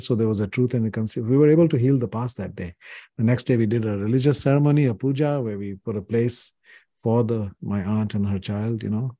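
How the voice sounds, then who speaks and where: Low, mellow earnest older man. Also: slightly rough, no room sound, clean studio sound. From India. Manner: earnest, storytelling, frequent "you know". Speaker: podcast guest, author. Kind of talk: reflective interview conversation.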